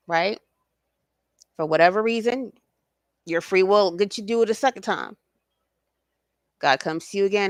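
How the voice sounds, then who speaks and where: A woman's voice: medium pitch, animated, measured pace, long pauses, fairly bright tone, no echo, clean studio sound. Passionate, profane woman spiritual host. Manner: talks to her audience directly, checks in with "okay?". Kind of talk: casual spiritual talk.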